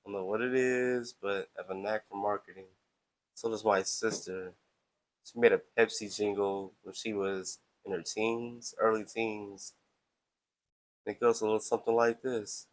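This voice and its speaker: A man's voice: on the low side, steady tone, moderate pace, rough recording. A man hosting a live stream, talking casually in a playful, chatty, self-promoting way.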